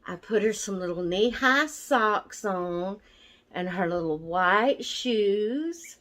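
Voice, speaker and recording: A woman's voice: medium pitch, lively intonation, a bit bright. A woman chatting casually to camera as a vlogger, a little out of breath from asthma and easily sidetracked. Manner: slow, chatty, easily distracted. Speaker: doll channel vlogger.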